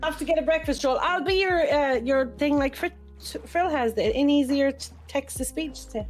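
A woman, loud and cheeky, bantering casually on a game stream. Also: high voice. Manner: loud, cheeky and quick to laugh. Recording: faint music behind.

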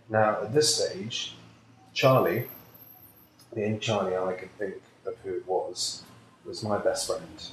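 A fairly low-voiced British man recounts a personal story in an earnest, emotional, reflective way. His voice bounces around a very echoey room, with a faint ambient hum underneath. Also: fairly even intonation, measured pace. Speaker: psychic healer, guest.

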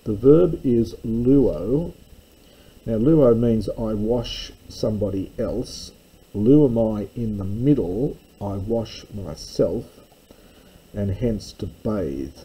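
A man teaching a slow verse-by-verse Greek lesson, stopping often to explain words and grammar. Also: on the low side, warm tone, husky, low-quality recording. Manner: careful, stops to explain grammar.

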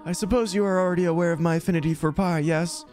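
A man voicing a gentle, motherly goat woman in a game, speaking formally and politely with no contractions. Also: high voice, fast talker, faint music behind, pitched above the performer's own voice, close to an everyday voice.

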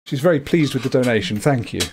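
A gaming livestreamer chats playfully about the game he is playing, talking fast and animatedly in a darkish voice over a little hiss or hum. He often slips into a high cooing voice for his cat.

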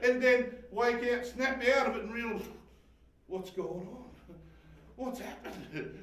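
A pastor gives a heartfelt sermon testimony, his voice running high as he swings from loud outbursts to near-whispers. He is heard from across a very echoey church hall. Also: distant mic. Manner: emotional, swings from shouting to hushed, laughs often.

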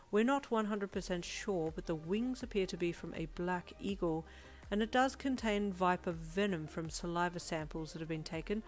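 A woman voicing a calm, kind male supervisor in a fan audio story, speaking in a measured way. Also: lowish voice, lightly acted. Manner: measured and gentle.

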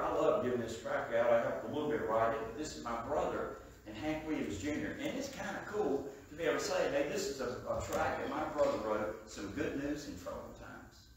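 An older man preaching a sermon, telling stories that swing from soft asides to loud, emphatic peaks. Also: mid-range voice, a little hiss or hum. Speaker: evangelist preacher. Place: church sanctuary. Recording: echoey church room heard from a distance.

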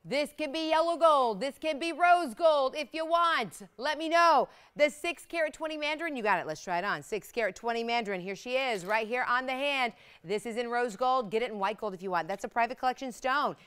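Excited shopping-channel saleswoman. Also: high voice, clean tone. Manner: fast, excited hard-sell patter. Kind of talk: live jewelry sales pitch.

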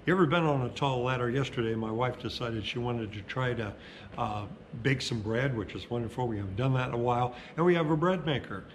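Middle-aged pastor telling stories in a sermon. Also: male voice, mid-range voice, background noise. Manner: conversational storytelling, slowing for emphasis.

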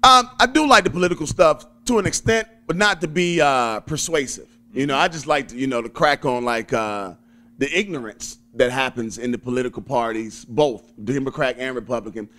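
A young man with a Southern accent from Alabama, a stand-up comedian chatting in an interview, laid-back and quick to chuckle. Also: mid-range voice, sharp tone. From Birmingham, Alabama. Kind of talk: casual interview chat.

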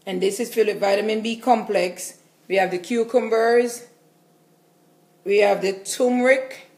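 A woman's voice: medium pitch, steady tone, normal speed, darkish tone. A woman vlogger chatting casually and enthusiastically while showing her groceries, repeating herself as she goes. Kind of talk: casual grocery haul vlog.

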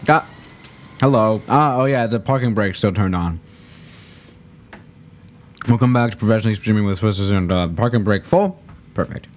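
A man's voice: on the low side, normal speed, long pauses, a little hiss or hum. Laid-back rambling male streamer. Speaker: flight sim streamer. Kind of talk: casual live-stream chat.

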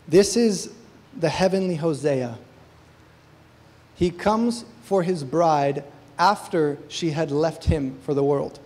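A man preaches at a church service in a fairly high, mellow voice. He speaks earnestly and presses his listeners with questions. The sound carries a long reverb, as in a large hall. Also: takes it slowly. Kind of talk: sermon.

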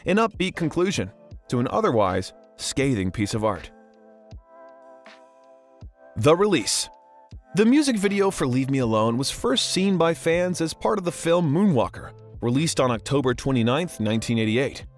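A man's voice: medium pitch, big pitch swings, normal speed, faint music behind. A man reading a scripted documentary narration as the channel's host, in a polished voice-over delivery.

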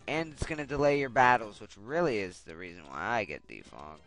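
A man's voice: lowish voice, lively intonation, brisk, a bit bright. A young man giving casual gameplay commentary, getting frustrated and swearing as he rants. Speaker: Let's Play commentator. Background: game music.

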